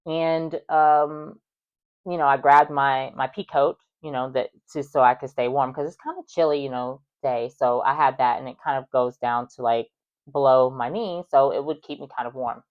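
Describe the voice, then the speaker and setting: A woman's voice: extremely low pitch, steady tone, moderate pace, lo-fi sound. A woman host telling a personal story in a chatty way, full of fillers and exasperated asides. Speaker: podcast host.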